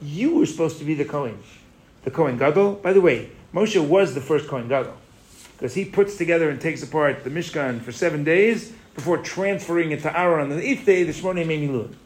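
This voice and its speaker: A man teaching a Torah class in an animated way, asking his students rhetorical questions and mixing Hebrew phrases into his English. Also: on the high side, brisk.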